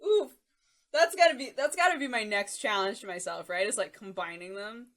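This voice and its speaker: A woman's voice: medium pitch, brisk, fairly bright tone. A young woman hosting a casual live-stream chat show, reading and answering chat in a chatty, giggly way. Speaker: streamer host.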